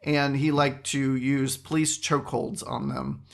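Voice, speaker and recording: A man's voice: medium pitch, level tone, measured pace, vocal fry. A man hosting a solo podcast, chatting in a wry, rambling way with frequent asides. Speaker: podcast host.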